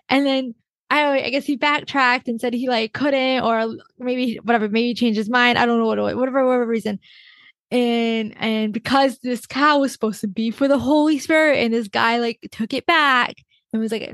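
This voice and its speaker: A woman's voice: fairly high pitch, fairly even intonation, normal speed, fairly bright tone, no echo. A young woman co-hosting a podcast in casual chat, laughing often and restarting her sentences. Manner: chatty, laughs often, many fillers and restarts. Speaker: podcast co-host.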